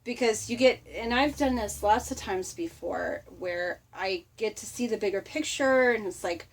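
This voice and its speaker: A middle-aged woman giving a casual motivational talk, chatty and animated, often laughing and acting out little quotes. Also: medium pitch, moderate pace. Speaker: motivational vlogger.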